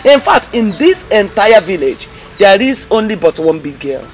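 A woman's voice: medium pitch, big pitch swings, moderate pace, faint music behind, close to an everyday voice. A woman playing a proud Nigerian village mother. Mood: boastful. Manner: pleading, boastful. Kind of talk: film acting.

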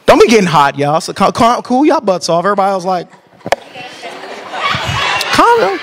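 A man teaching a church marriage class, preaching in an animated, colloquial way that bursts into shouts. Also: high voice, a little fast, long pauses, a little hiss or hum.

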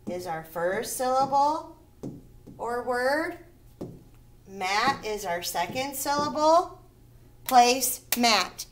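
A woman teaching a first grade reading lesson to young children, speaking patiently and clearly and sounding out words syllable by syllable. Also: fairly high pitch, a bit bright. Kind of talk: recorded remote reading lesson.

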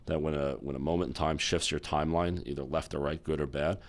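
A man's voice: rumbling low, steady tone, quick pace. A middle-aged man from the United States, an interview guest who tells stories animatedly and acts out the voices of people he quotes. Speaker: guest, former exchange executive. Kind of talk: storytelling interview talk.

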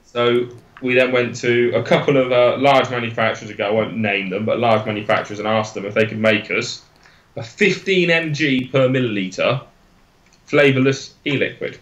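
This is a young Englishman with an Oxfordshire accent, talking on a relaxed live stream as a guest. His pitch sits in an ordinary middle range. He rambles, restarts his sentences and laughs easily. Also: moderate pace, dull audio. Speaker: guest, e-liquid maker. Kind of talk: casual live-stream chat.

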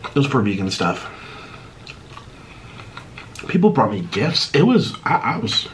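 A medium-pitched American man eats on camera and talks casually to his viewers, rambling and frequently stopping to restart what he's saying. He's very animated yet keeps a measured pace, pausing often, with slight background noise in the clip.

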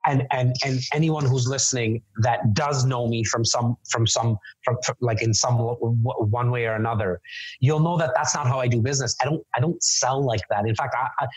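A man's voice: mid-range voice, fairly even intonation, moderate pace, breathy edge, no echo. A man in his forties, a guest on a podcast, talking casually and often repeating words as he restarts his sentences. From Canada. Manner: repeats words often, many false starts. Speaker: podcast guest, real estate entrepreneur. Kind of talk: casual interview talk. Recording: dry, slightly muffled lo-fi sound.

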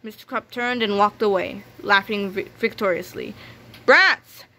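A woman's voice: medium pitch, moderate pace, gravelly, fairly bright tone. A woman reading a children's book aloud, telling the story with small slips and restarts. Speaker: reader.

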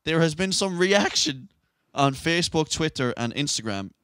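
Lively Irish man bantering. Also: fairly high pitch, normal speed, smooth, dry recording, clean studio sound. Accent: Irish, west of Ireland. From Ireland. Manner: swearing, banter, laughing. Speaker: podcast co-host. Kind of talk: casual chat.

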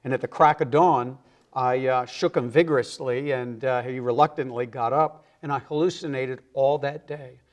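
A man's voice: mid-range voice, steady tone, normal speed. Earnest man telling his testimony. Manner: earnest storyteller who acts out the quoted voices. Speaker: evangelist guest. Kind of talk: personal testimony in a TV interview.

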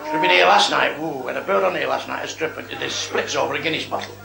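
A man's voice: mid-range voice, fast, gravelly, heavy background noise. A man doing a live stand-up club set, telling blunt, crude jokes full of swearing and ribbing hecklers, in an echoey live club recording. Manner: blunt, crude, swearing joke-teller who ribs hecklers. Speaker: stand-up comedian.

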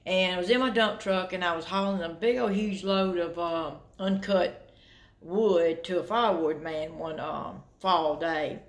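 A woman's voice: on the low side, fairly even intonation, a little slow. A middle-aged woman with a Southern US accent, chatting casually to her viewers in a thrift-shopping vlog. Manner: chatty, drawling, addresses viewers as y'all. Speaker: vlogger.

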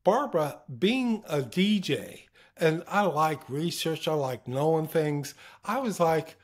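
A man's voice: a little high, expressive, slow. A man guest in a casual interview, telling anecdotes, acting out quoted voices and laughing often. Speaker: interview guest, former TV broadcaster.

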